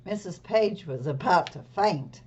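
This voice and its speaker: A woman reading a storybook aloud to children, explaining gently as she goes. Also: lowish voice, lively intonation, a little slow, breathy edge, muffled recording.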